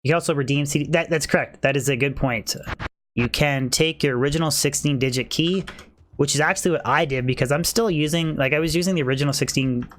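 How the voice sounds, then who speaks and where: A man's voice: a little high, quick pace, a little hiss or hum. A young man on a game livestream, chatting casually with viewers and keeping his voice down because his wife is asleep. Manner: chatty, rambling, reads and answers chat. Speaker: game streamer. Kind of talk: casual livestream chat while playing.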